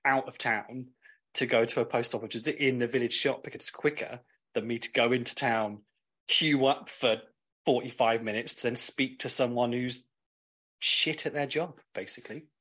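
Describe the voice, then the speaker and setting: A man's voice: medium pitch, fairly even intonation, moderate pace, fairly bright tone. Blunt, ranting man. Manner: blunt, swears freely, ranting. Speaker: guest, clothing brand owner. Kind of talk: casual podcast chat.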